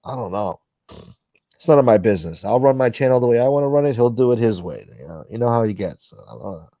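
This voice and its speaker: A man's voice: medium pitch, very animated, quick pace, mellow, no room sound, dull audio. A man hosting a casual livestream, chatting bluntly, swearing freely and reading out viewer comments. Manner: blunt, rambling, swears freely, mimics others. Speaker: livestream host.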